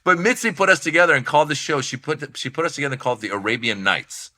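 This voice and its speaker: A middle-aged man from Iran, a comedian telling animated anecdotes in a casual chat and acting out the people in his stories. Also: a little high, rapid-fire. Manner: animated, acts out voices in anecdotes. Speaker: comedian guest.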